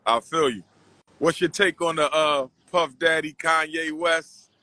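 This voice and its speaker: A man talks like a preacher, hammering his points by repeating them. His voice is bright and forceful, a touch higher than most men's, and the sound is dry and close. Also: fairly even intonation, measured pace, dry recording. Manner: preacherly, emphatic, repeats phrases. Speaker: host. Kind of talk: casual street interviews and commentary.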